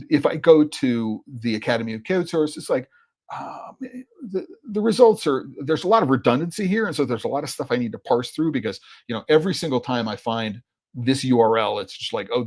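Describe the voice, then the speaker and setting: Guy ranting on his own podcast, voice jumps all over, lots of um and you know. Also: medium pitch. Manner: exasperated, rambling, thinking aloud with many fillers. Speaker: podcast host. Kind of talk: casual solo podcast commentary.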